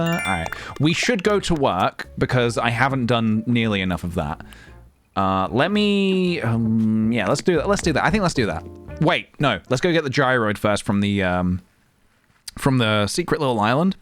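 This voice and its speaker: A man's voice: medium pitch, sing-song, normal speed, soft background music. A man chatting casually with viewers while streaming a game, meandering, laughing often and humming little tunes to himself. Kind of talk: casual gameplay livestream chat.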